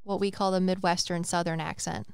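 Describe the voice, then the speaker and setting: A woman hosting a podcast, excitedly retelling a story in a rambling, casual way. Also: fairly low pitch, a little fast, clear, resonant tone, no room sound, clean studio sound. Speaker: podcast host. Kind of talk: casual chat.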